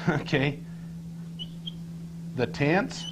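A man's voice: on the high side, lively intonation, drawn-out words, noisy background. A man teaching a scripture class, questioning his listeners and reading verses aloud with rising emphasis.

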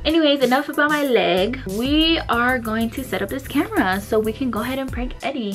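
A young woman in her twenties talks to her viewers from home, dramatic and complaining. She is short of breath throughout. Her voice is bright and sits fairly high. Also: lively intonation, fast talker, few pauses, soft background music. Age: 20s. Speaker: vlogger. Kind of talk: casual vlog chat.

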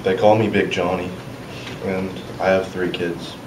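A man's voice: low voice, level tone, a little slow. A teenage boy playing a bumbling, overconfident teen dad of three who talks in awkward, hesitant boasts, recorded from far off in a noisy, echoey school room.

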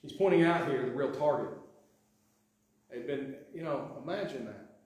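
A man's voice: mid-range voice, moderate pace, darkish tone. A man preaching a sermon as pastor, talking conversationally with many restarts and acting out the quotes he reads. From Sweetwater. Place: church sanctuary. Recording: very echoey sanctuary.

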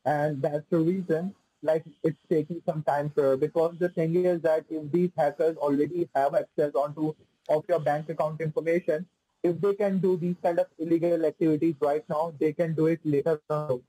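A man with a husky, dark voice plays a support agent on a phone call. He leans on "like" and "sir" over and over and repeats himself as he talks through each step. The sound is dry and close, with no room around it. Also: fairly high pitch, little pitch movement, moderate pace, dry recording. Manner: repetitive, fills speech with "like" and "sir".

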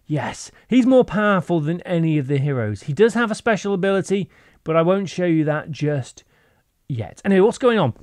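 Playful man, higher voice, dry sound. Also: lively intonation, normal speed, a little mellow, no room sound. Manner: playful, rambling, goofy asides. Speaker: gaming channel host. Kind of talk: joking gameplay commentary.

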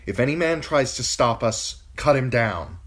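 A man's voice: mid-range voice, lively intonation, unhurried, husky, voice pushed up. A man voicing a noble widowed lady who gives urgent, commanding orders in a raised voice.

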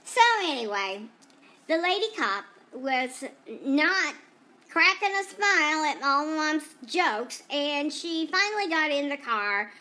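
A woman's voice: sits high, lively intonation, slow pace, bright, forceful tone, exaggerated voice. A woman voicing a chatty female dog who tells about her day in a rambling, gossipy way, full of asides. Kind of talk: first-person pet vlog narration.

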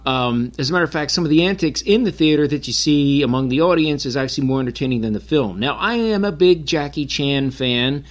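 Crude, animated man telling stories. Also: fairly high pitch, a little fast, hardly any pauses. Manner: animated, crude, laughing storyteller. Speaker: podcast co-host. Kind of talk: casual storytelling chat.

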